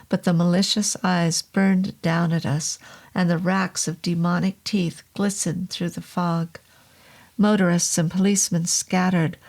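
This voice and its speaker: Slow, gravelly woman reading horror. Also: on the low side, darkish tone. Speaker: narrator. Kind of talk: audiobook horror narration.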